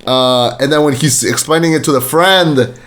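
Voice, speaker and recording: A man's voice: medium pitch, moderate pace, fairly bright tone, a little hiss or hum. A man co-hosting a casual film review podcast, rambling with many fillers and restarts and acting out quoted lines. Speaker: podcast co-host.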